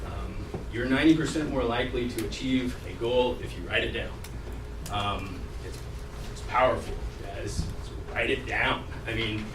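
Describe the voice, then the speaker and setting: A man giving a casual sales training presentation in a conversational way, with many fillers. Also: medium pitch. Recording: distant mic in echoey room with noise.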